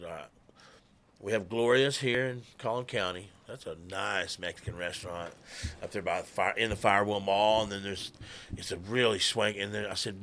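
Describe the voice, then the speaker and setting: A man's voice: on the low side, pushed and bright. A middle-aged man, telling stories in a chatty, laughing, drawling way. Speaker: guest musician. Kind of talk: casual storytelling.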